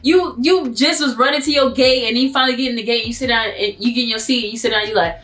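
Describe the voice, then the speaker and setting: A young woman from Miami, telling a vlog story in a casual, animated, slangy way and acting out her own asides. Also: a little high, fast talker. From Miami, Florida. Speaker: vlogger.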